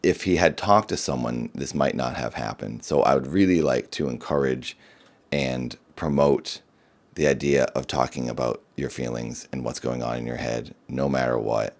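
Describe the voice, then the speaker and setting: Very deep-voiced earnest male vlogger. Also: moderate pace. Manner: earnest, somber, rambling with many restarts. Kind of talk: personal talk to camera.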